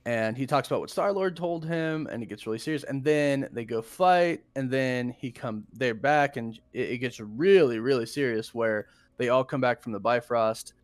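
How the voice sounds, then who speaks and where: A man hosting a podcast, chatting casually about a film and acting out characters' lines in quick bursts. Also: medium pitch, dry recording. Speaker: podcast host. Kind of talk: casual film review chat.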